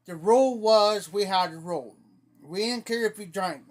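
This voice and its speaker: A man's voice: sits high, moderate pace. A man casually telling a rambling, folksy story on a live stream, laughing at his own tale.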